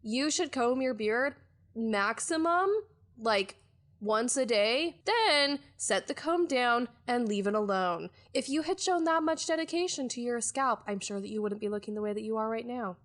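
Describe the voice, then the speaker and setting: A woman voicing a blunt female adventurer who lectures and scolds in a raised, higher voice. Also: expressive, normal speed, fairly bright tone. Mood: scolding.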